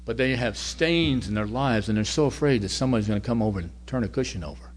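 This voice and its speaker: Male preacher, mid-pitched, folksy storytelling sermon, swings between loud and hushed. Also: lively intonation, fast talker, a little hiss or hum. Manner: conversational, varies loudness from loud to near-whisper.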